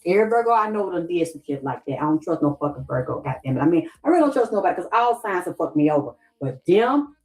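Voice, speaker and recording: Middle-aged woman ranting to her viewers on a stream, swears a lot, kinda low voice. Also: very animated, fast, few pauses, darkish tone, poor audio. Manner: heated, profane, quotes others in lowered voice. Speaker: livestreamer addressing viewers. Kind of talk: emotional livestream rant.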